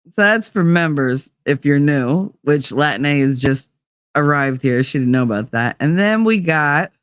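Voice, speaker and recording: A woman hosting a livestream, chatting casually with her viewers, animated, swearing freely and laughing often. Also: deep voice, a little slow, smooth, no echo, clean studio sound. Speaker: livestream host.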